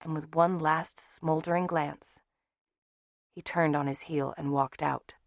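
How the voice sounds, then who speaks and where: A woman's voice: deep voice, steady tone, measured pace, gravelly, no room sound, studio quality. A woman narrating a novel as an audiobook, dramatic in delivery. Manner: dramatic, shifts voice for each character. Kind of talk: scripted narration.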